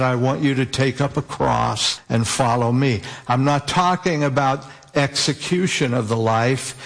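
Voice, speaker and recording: A man preaching a sermon, slowly and deliberately, stretching out key words for emphasis. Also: medium pitch.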